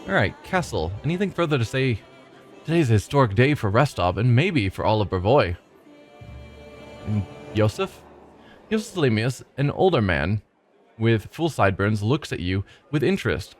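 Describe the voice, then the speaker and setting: Man, let's play host, reads game dialogue aloud, dry asides, lively pitch, faint music. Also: moderate pace.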